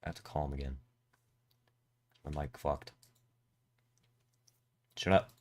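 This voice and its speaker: A man's voice: rumbling low, fairly even intonation, slow. Laid-back young-sounding male streamer. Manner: joking, swears, laughs often. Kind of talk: casual gaming stream chat.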